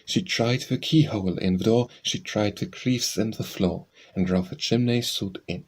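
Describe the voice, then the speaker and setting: A man's voice: fairly low pitch, normal speed, a little mellow. A man reading nursery rhymes aloud as an audiobook, in a sing-song, rhythmic recitation. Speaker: audiobook reader.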